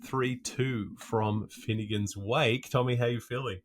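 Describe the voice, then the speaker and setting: A man co-hosting a podcast, talking through a book in a thoughtful, halting way with plenty of pauses. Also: mid-range voice, fairly even intonation. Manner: thoughtful, halting, many fillers. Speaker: podcast co-host. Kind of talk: casual literary discussion.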